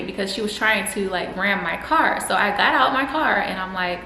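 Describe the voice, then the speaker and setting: Frank, expressive young woman. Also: medium pitch, moderate pace, echoey room, slight background noise, poor audio. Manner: frank and expressive, swears, laughs, acts out her own outbursts. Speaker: vlogger. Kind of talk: candid self-help talk to camera.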